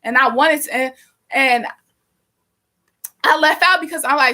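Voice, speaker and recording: Animated, bright-voiced young woman rambling. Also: high voice, moderate pace. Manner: animated, profane, rambling with many fillers. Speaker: live-streaming painter. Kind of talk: casual storytelling.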